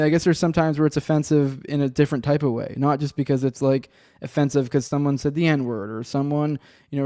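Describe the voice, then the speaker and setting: A man's voice: mid-range voice, mellow, no room sound, studio quality. Profane, rambling man hosting a podcast. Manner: rambling, profane, sardonic, many restarts. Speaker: podcast host. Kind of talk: casual solo commentary with chat. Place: home room with a cat and a desk.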